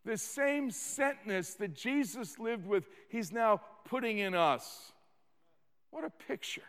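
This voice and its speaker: High-voiced slow-preaching pastor in a reverberant hall. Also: male voice, lively intonation, fairly bright tone. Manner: slow emphatic preaching with repeated words and rising bursts. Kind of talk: sermon.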